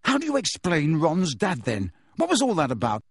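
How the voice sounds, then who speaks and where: A man's voice: fairly high pitch, huge pitch swings, moderate pace, slightly rough, no room sound, studio quality, pitched above the performer's own voice, full character voice. A man reading aloud and voicing an agitated teenage wizard boy who talks urgently and defensively.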